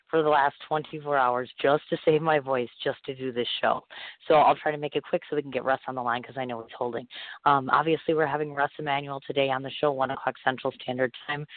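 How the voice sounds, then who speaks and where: A man with a cold and a hoarse voice, hosting a talk-radio interview in a chatty, excitable way. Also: mid-range voice, dry recording. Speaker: radio show host. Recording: tinny dry phone line.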